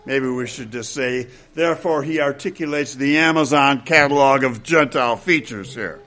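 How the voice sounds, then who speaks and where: Bright-voiced older preacher, emphatic. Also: male voice, medium pitch, normal speed. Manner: emphatic, wry asides to the congregation. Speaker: pastor. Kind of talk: expository sermon.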